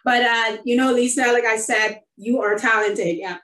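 A woman's voice: on the high side, steady tone, normal speed, a bit bright. Effusive woman host, roomy and distant. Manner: effusive, many fillers, emotional. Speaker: show host and nurse. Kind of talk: casual online interview.

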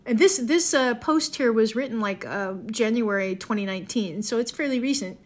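A woman's voice: fairly high pitch, normal speed. A woman from the Ozarks, chatting casually in a digressive monologue and correcting herself as she goes. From Southwest Missouri, Ozarks. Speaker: folklore podcaster.

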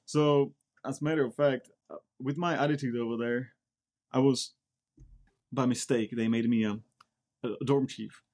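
In a casual interview, a guest from the Czech Republic who is an Air Force member speaks bluntly, frequently repeating words. His first language is Czech. The voice is medium-pitched and darkish, with fairly even intonation, a moderate pace and frequent pauses.

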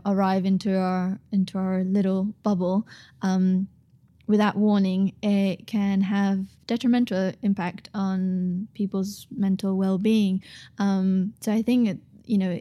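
Woman, podcast guest, warm mellow voice, earnest and reflective, halting casual delivery. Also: mid-range voice. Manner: thoughtful, earnest, many ums and restarts. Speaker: author and guest.

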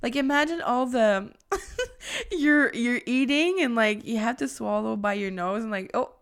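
A woman's voice: a little high, a little slow, clear, resonant tone. A woman co-hosting a casual chat, giggly and playful, often laughing mid-sentence as she tells things animatedly. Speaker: podcast co-host.

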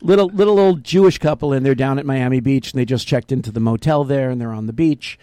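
A man's voice: medium pitch, quick pace, mellow, clean tone, no room sound. A man co-hosting a casual talk show, playful and teasing, telling jokes. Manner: playful, teasing, tells jokes with put-on voices. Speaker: co-host.

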